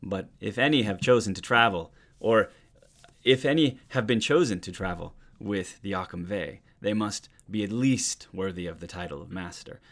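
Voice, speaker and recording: A man voicing a formal, courteous warrior with digital-looking eyes, speaking loud and precise. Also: on the low side, moderate pace. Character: polite stiff male robot-like warrior with glowing eyes.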